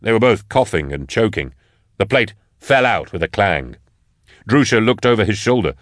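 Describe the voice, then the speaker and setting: A man reads a tense story in a measured, dramatic way. His voice is fairly low but moves a lot in pitch. The sound is close and dry, with no room. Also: very animated, no echo. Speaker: audiobook narrator. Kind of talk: scripted narration.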